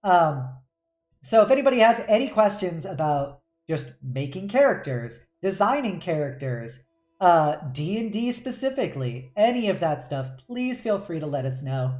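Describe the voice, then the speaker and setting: A woman's voice: lowish voice, sing-song, moderate pace, a little mellow, echoey room, faint music behind. A woman hosting a casual roundtable as game master, chatty and laughing often.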